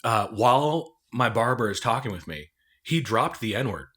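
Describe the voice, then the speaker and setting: Middle-aged man, comedian guest, casual storytelling, voice leaps up for quotes. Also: moderate pace. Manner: animated storyteller, jumps high for quoted lines.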